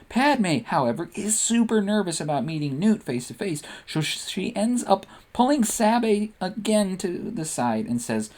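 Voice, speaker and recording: A man hosting and narrating a comedic story in a playful, animated way. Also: fairly high pitch. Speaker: host and narrator.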